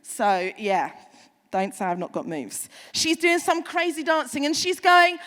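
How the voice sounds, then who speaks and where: A woman pastor giving a sermon, chatty and animated, with playful asides to the congregation. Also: very high voice, moderate pace, big-room sound.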